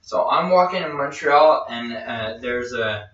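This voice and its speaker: A man's voice: mid-range voice, animated, measured pace, a bit bright, slight background noise. A man telling a long, rambling personal story in a casual chat, restarting his sentences and acting out quoted dialogue. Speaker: podcast host. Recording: echoey room, distant lo-fi mic.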